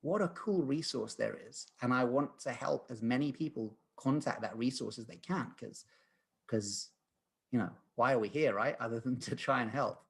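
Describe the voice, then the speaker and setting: Husky earnest man in his thirties. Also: mid-range voice, normal speed. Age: 30s. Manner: earnest, rambling, many fillers and restarts. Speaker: guest, lucid dreaming practitioner. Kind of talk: podcast conversation, storytelling.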